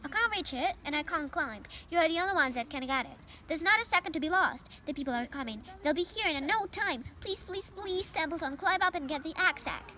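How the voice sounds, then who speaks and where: Wilbur, a woman doing an excitable young pig. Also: very high voice, a little fast, hardly any pauses, slight background noise, full character voice. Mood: pleading. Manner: pleading, cries out loudly.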